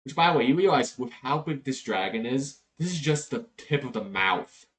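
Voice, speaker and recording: Man, game master, tabletop game narration, relaxed, chatty. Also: mid-range voice, moderate pace, poor audio.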